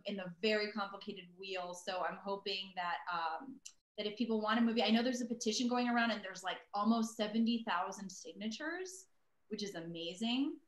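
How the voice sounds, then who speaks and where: A woman's voice: medium pitch, normal speed, fairly bright tone. Chatty woman on a roomy video call. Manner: chatty, self-deprecating, many fillers. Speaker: voice actress guest. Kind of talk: casual interview over video call. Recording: roomy echo.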